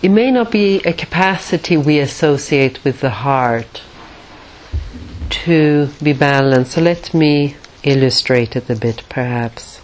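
Slow, low-voiced woman teaching meditation. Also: darkish tone, low-quality recording. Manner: measured and reflective, with many pauses. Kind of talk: spiritual teaching talk.

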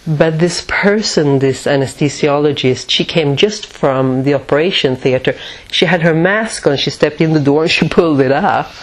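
A woman teaching at a retreat, telling a personal story in a reflective way and often laughing at herself. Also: low-pitched.

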